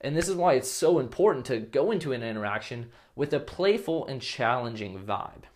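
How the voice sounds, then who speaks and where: A man's voice: mid-range voice, animated, brisk, darkish tone. Blunt man giving dating advice. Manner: blunt, swears casually, acts out example lines. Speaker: dating coach. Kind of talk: casual advice vlog.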